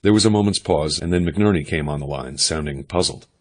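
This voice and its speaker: A man doing steady, measured first-person audiobook narration. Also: very deep voice.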